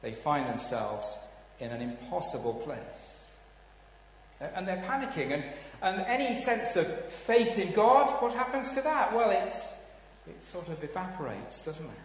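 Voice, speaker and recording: A man preaches in a slow, deliberate sermon, his fairly high voice ringing through a large reverberant church. He drops to near whispers, then bursts into loud exclamations, heard from some distance. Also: very animated, a little hiss or hum. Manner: dramatic, swings from hushed to loud exclamations. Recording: echoey hall, heard from a distance.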